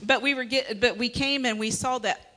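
A woman, one of the church's pastors, chatting casually and warmly from the pulpit with many fillers. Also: on the high side, fairly even intonation, moderate pace. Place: church sanctuary.

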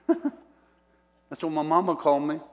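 A man's voice: fairly high pitch, expressive, takes it slowly. A man preaching a sermon, telling personal stories, chuckling between points and acting out what people said. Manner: storytelling, chuckles between points, acts out quotes. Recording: long hall reverb.

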